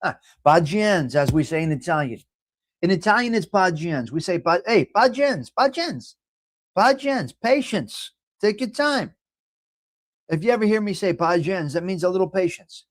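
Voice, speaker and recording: A man's voice: high-pitched, lively intonation, fairly quick, no echo. A man with a New York accent hosting a casual morning chat, rambling and repeating himself as he reads a horoscope and talks to viewers. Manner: rambling, repetitive and chatty, often addresses viewers by name. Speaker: host.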